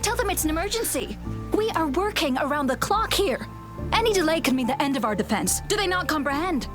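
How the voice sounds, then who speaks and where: An urgent, high-strung commander. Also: female voice, very animated, brisk, over music. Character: urgent female commander under siege, demanding. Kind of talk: video game voice acting.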